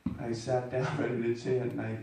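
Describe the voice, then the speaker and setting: A man's voice: mid-range voice, completely flat delivery, brisk, mellow, recorded from a distance. Man storyteller, rambling and self-mocking, heard from off-mic in a very echoey room. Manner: rambling, self-deprecating, with many restarts. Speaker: storyteller speaking to an audience. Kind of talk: personal storytelling to a live audience.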